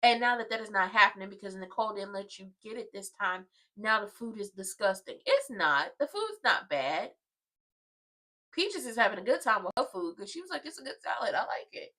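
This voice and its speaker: A woman's voice: mid-range voice, big pitch swings, moderate pace, sharp tone, rough recording. A woman hosting a casual soap opera watchalong, recapping scenes with sass and drama. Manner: sassy, dramatic, acts out the characters' lines.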